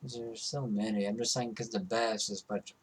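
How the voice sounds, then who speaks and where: A man's voice: lowish voice, steady tone, moderate pace, slightly rough. A young man chatting casually with his wife, answering hesitantly in short replies. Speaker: vlogger's husband. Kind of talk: casual chat.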